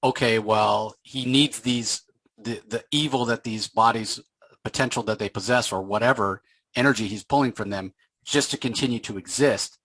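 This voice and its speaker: A man hosting a casual comic book discussion, retelling scenes and acting out the characters' lines in quick voices. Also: fairly low pitch, a bit bright. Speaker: podcast host.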